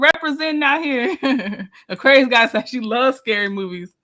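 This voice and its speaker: A woman hosting a casual live stream, chatting with viewers and answering their comments, animated and quick to laugh. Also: on the high side. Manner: chatty and animated, laughs often, restarts sentences.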